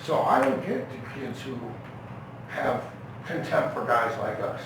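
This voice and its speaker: A man's voice: mid-range voice, huge pitch swings, a little slow. A middle-aged man telling rambling, profane stories in a casual interview, with lots of restarts. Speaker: rock singer being interviewed. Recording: echoey, from far off, noisy ambience.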